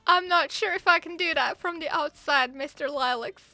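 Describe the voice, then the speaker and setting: A woman voicing a polite young saloon barmaid in a wild west roleplay, sweet and courteous and quick to apologize. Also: sits high, pushed and bright, no room sound, voice pushed up. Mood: flustered. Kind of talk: in-character roleplay.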